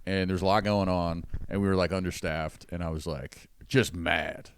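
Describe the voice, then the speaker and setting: A man's voice: low voice, flat delivery, moderate pace, clear, resonant tone. A man, a comedian guest, telling rambling, profane stories in casual podcast chat.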